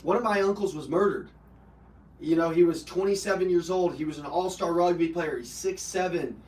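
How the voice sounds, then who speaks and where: Speaking at normal speed, this man has a slightly high voice with a darkish tone. Leading a live personal development call, he shares a raw, emotional story of his own, cursing and using fillers, captured from a distance in a roomy space.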